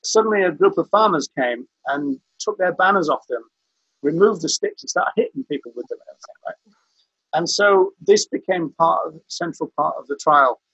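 A man's voice: fairly high pitch, animated, normal speed, a bit bright, breathy edge, no echo, low-quality recording. A man telling a rambling courtroom anecdote on a video call, restarting his sentences often. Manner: rambling storyteller, frequent restarts, chuckling. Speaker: interview guest, veteran activist.

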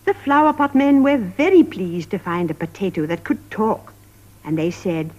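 A woman narrating a story for young children in a measured, sing-song 1950s television style. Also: medium pitch, animated, darkish tone. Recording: dull lo-fi 1950s television recording.

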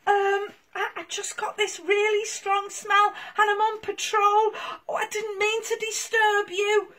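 A woman's voice: extremely high pitch, flat delivery, unhurried, fairly bright tone, voice pushed up. A woman voicing an eager young male puppy on patrol, bouncy and sing-song. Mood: cheerful.

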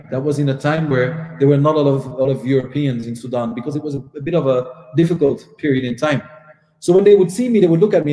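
A Belgian man in his forties giving a religious lesson, telling personal stories in a lively anecdotal way. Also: fairly high pitch. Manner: warm anecdotal storytelling with laughs and acted dialogue. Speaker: Islamic teacher. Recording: echoey hall.

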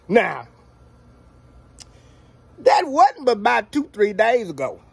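A man's voice: high-pitched, wildly swooping pitch, slow, vocal fry, pauses often, darkish tone, slightly rough, no echo. A man giving a casual football recap, drawling and playfully trash-talking. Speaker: sports commentator vlogger.

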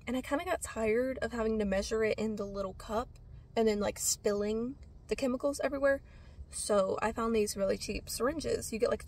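Chatty young woman, breathy voice. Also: a little high, darkish tone. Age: young adult. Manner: rambling, chatty, lots of fillers, quickly exasperated. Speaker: vlogger. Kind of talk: casual product review chat.

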